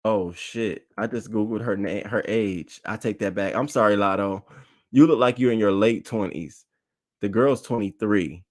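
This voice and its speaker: A man giving casual, slangy news commentary to his chat, animated and reading tweets aloud. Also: fairly low pitch, moderate pace. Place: home setup, talking to chat.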